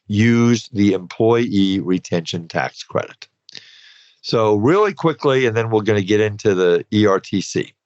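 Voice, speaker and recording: Low-voiced man hosting a finance podcast. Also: dry recording. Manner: conversational, advisory, loose with asides. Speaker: podcast host, dental finance advisor. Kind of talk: podcast explainer. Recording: dull, dry podcast recording.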